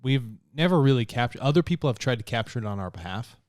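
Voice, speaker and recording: A man's voice: mid-range voice, lively intonation, fast talker, darkish tone, no echo, clean studio sound. A man co-hosting a podcast in casual chat, talking loosely with many fillers. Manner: laughs easily, loose and conversational with many fillers. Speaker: podcast co-host.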